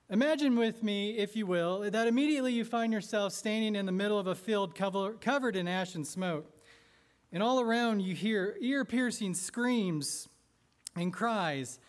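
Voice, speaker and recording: A man preaching a sermon in church, narrating an imagined scene with vivid, theatrical storytelling. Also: sits high. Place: church sanctuary.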